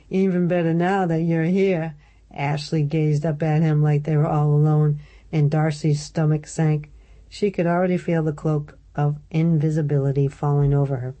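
A woman narrating a novel in a low, mellow voice. She reads the story steadily and gives each character a slight shift in voice. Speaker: audiobook narrator. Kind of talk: scripted narration.

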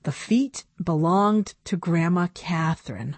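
A woman reads a children's story aloud, taking her time and letting her pitch rise and fall. The recording is close and dry, with no room sound. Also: animated, slow pace, no room sound. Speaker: narrator. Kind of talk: storybook reading.

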